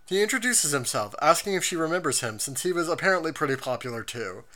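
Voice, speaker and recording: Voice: mid-range voice, fast. A podcast host recapping anime episodes in a casual chat, summarizing scenes and reading out viewer comments. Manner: lively, expressive, reads out episode summaries.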